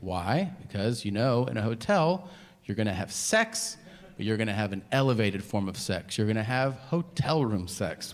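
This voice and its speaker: A man's voice: medium pitch, big pitch swings, measured pace, pauses often, a crowd in the background. A middle-aged man performing stand-up, telling a story and acting out both sides of the dialogue. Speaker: stand-up comedian. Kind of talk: stand-up routine. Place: theater stage with live audience. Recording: live hall reverb, audience noise.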